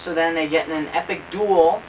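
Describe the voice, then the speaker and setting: A man's voice: on the high side, steady tone, brisk. A young man jokingly retelling a movie plot at home, rambling and laughing at his own jokes. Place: living room at home. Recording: tinny, distant, noisy home video.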